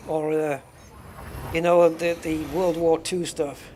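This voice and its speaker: A man's voice: on the high side, little pitch movement, takes it slowly, a little mellow, a little hiss or hum. A man streaming a game, chatting casually and rambling as he answers viewer questions. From United Kingdom. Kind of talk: casual live-stream chat while playing.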